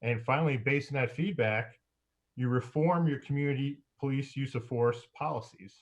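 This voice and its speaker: A man gives his council report as mayor. He speaks in a halting way, with frequent fillers and pauses. His pitch sits in the ordinary middle range for a man. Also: dull audio. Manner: halting, many fillers, occasional laughs.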